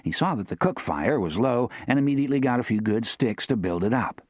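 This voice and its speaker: A man narrating a western novel as an audiobook, telling the story in a steady, expressive way. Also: medium pitch, fairly quick, no room sound.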